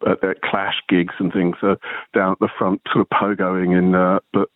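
A man in his sixties calling into a radio show, telling an animated story and acting out the voices of the people in it. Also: low-pitched, moderate pace, no echo. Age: 60s. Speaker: caller. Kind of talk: phone-in anecdote. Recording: tinny phone line.

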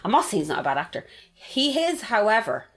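Brief: woman podcast co-host, rapid and blunt, plenty of swearing. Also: medium pitch, very animated, fairly bright tone. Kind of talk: casual banter.

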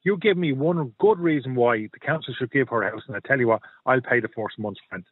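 A man's voice: medium pitch, brisk, husky, dry recording. Guy calling in, blunt and repetitive, tinny phone sound, dry. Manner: blunt, storytelling, repeats himself. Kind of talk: opinionated radio chat.

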